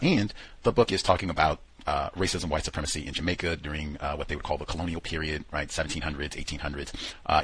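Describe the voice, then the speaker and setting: Husky-voiced deep male radio host. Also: rough recording. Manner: animated storytelling with quoted asides, many fillers. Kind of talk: casual radio talk.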